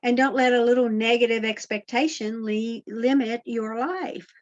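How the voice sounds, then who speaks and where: A woman delivers an inspirational faith talk in a fairly high voice. She is earnest and encouraging and keeps asking her listeners questions. The recording sounds dull and lo-fi. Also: fairly even intonation, moderate pace. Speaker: Christian motivational speaker.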